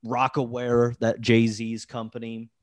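A man's voice: medium pitch, completely flat delivery, takes it slowly, no room sound. A man hosting a podcast, telling a story in casual chat, rambling with lots of "like" fillers and restarts. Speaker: podcast host.

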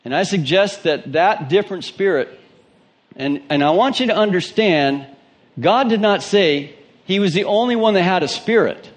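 A man with a slight Southern twang preaches a sermon in a somewhat high voice. He reads scripture aloud and then expounds on it emphatically, putting questions straight to his listeners. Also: lively intonation, moderate pace. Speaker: pastor.

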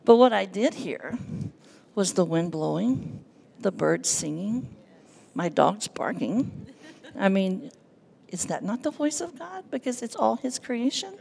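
Gravelly earnest woman giving testimony. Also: mid-range voice, a little slow. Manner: earnest, emotional storytelling with lively quoted dialogue. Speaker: church intercessor giving testimony. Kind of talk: personal testimony from the pulpit. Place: church sanctuary.

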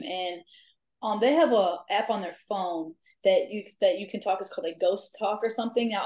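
A woman guest telling ghost-hunting stories in casual chat, lively, laughing often and filling pauses with "um". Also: mid-range voice. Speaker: guest, amateur ghost hunter. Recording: echoey room.

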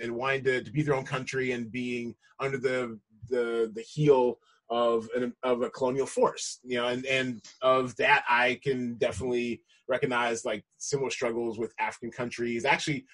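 A man in casual conversation, talking in a relaxed way with frequent restarts. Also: medium pitch, breathy edge. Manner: relaxed, many fillers and restarts. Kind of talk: casual chat.

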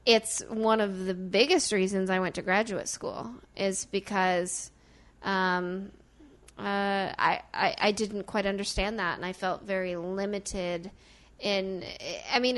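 Bright-voiced woman from small-town Illinois. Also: medium pitch. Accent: southern Illinois, softened by accent training. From small-town Illinois, US Midwest. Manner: animated, emphatic, rapid run-on talk with many "like"s. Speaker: actor and guest. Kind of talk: casual conversation about acting.

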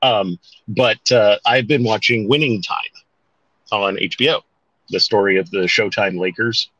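A man's voice: fairly low pitch, measured pace, bright, forceful tone, no room sound. A man co-hosting a podcast in casual chat, rambling and correcting himself as he goes, with some mild swearing. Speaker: podcast co-host. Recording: dull, dry home-mic sound.

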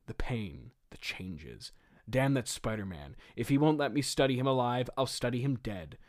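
A man's voice: mid-range voice, expressive, moderate pace, a little mellow, pitched below the performer's own voice, lightly acted. A man voicing a bitter young man turning into a goblin villain, brooding at first and then growing grandiose. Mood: vengeful.

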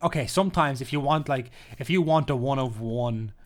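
A man's voice: mid-range voice, brisk. A man co-hosting a casual podcast, rambling and joking as he reads out lists with playful emphasis. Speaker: podcast co-host. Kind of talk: casual chat.

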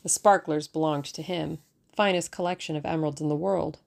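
A woman's voice: low voice, fairly even intonation, fairly quick, gravelly, a little hiss or hum. A woman reading a bold young woman detective. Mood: theatrical. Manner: theatrical, conspiratorial.

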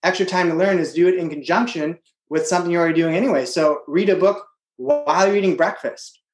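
A man, a podcast guest, giving earnest motivational advice in steady phrases. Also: fairly high pitch. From United States. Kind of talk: motivational interview talk. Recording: roomy remote call audio.

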